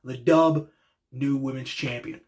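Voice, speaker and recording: A man hosting a wrestling reaction show, talking in an excitable, slangy way that swings between hushed and loud. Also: mid-range voice, a little slow. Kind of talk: casual reaction commentary.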